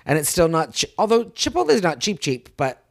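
Lively high-pitched man chatting. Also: brisk, gravelly, no room sound. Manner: animated, lots of yeahs and restarts. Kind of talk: casual chat.

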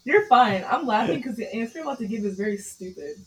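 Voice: mid-range voice, expressive, quick pace, low-quality recording. A podcast guest speaking in casual interview chat, self-deprecating and dotted with "um" fillers. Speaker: podcast guest, game developer.

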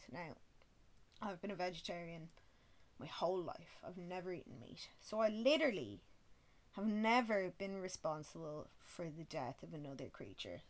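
Woman in her twenties, casual sweary storyteller with a slightly low voice. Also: expressive, moderate pace. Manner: chatty, swears freely, self-mocking. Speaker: vlogger.

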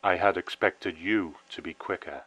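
A man voicing the warm, familiar voice of a dead male friend calling on the phone, solemn and wry. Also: sits low, normal speed, no echo, low-quality recording. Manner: solemn, wry, with sudden brightening.

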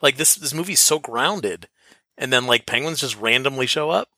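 A man's voice: mid-range voice, expressive, moderate pace, bright, forceful tone, no echo, studio quality. A man co-hosting a casual podcast chat, enthusiastic, with many false starts. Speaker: podcast co-host.

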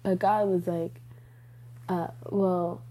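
A woman's voice: fairly low pitch, flat delivery, takes it slowly, warm tone. A woman hosting a podcast, talking casually about faith in a rambling way, laughing often and correcting herself. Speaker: podcast host.

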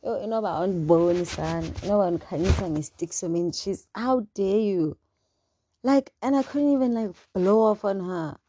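A young South African woman hosting her own show, talking in an animated, indignant monologue. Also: mid-range voice, fairly quick. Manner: animated and indignant, mixing English with local words. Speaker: podcast host. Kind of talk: casual monologue.

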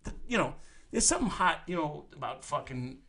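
A man's voice: on the high side, very animated, a little fast, bright, forceful tone. A man hosting a crude comic call-in chat, rambling and profane, often laughing at his own jokes. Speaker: host of a live advice stream.

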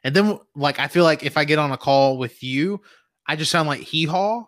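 A young man from Alabama with a Southern US accent, hosting a casual podcast chat, animated and swearing freely. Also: fairly high pitch, normal speed. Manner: animated, swearing, laughing often. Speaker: podcast host.

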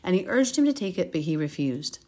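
A woman hosting a Bible podcast, reading scripture aloud and breaking off into expressive, giggly commentary. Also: on the low side, fairly quick. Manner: expressive, giggly, acts out characters in paraphrase.

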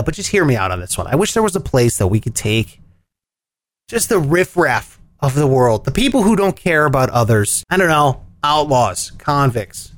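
Animated man ranting comedy news. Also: no echo. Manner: animated, jokey, swings pitch for punchlines. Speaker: podcast host.

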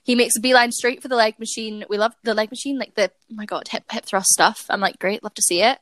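Young woman, podcast co-host; chatty, self-mocking storyteller, slightly high voice, dry close sound. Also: fast talker, fairly bright tone, no echo. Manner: chatty and self-deprecating, many "like"s and restarts. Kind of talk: casual storytelling chat.

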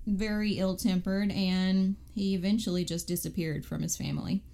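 Woman co-host, matter-of-fact storytelling, casual podcast chat, mid pitch. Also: steady tone, moderate pace, creaky, mellow.

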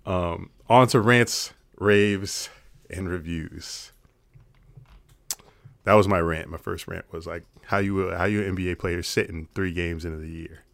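Laid-back, low-voiced man talking sports. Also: steady tone, unhurried, creaky, dry recording. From Florida. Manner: laid-back, swears freely, laughs often. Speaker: podcast co-host. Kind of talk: casual sports chat.

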